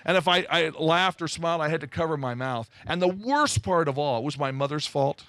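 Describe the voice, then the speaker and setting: A man from Southern California telling his life story to an audience, animated and full of self-mocking humor. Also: on the high side, a little fast, no echo. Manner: animated storytelling, acting out quoted voices. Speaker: speaker giving his testimony. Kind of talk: testimony to a live audience.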